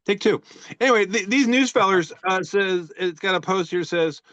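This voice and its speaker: A man on a casual podcast, joking his way through posts, with plenty of fillers and restarts. His voice sits a little high. The recording is dry and a bit dull, like a home setup. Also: moderate pace, a bit bright, no room sound. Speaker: podcast co-host reading social media posts. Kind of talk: casual chat.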